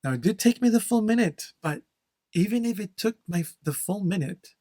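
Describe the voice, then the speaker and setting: A man teaching a speaking-test lesson, explaining scores slowly and emphatically and checking in with "okay?" after each point. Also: high voice, lively intonation, dark tone, no room sound. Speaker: language test instructor.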